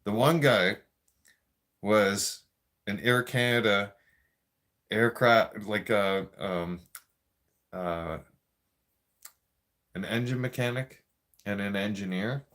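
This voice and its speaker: A man's voice: fairly low pitch, slow, long pauses, fairly bright tone. A man telling a profane, rambling story in a casual rant. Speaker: vlogger.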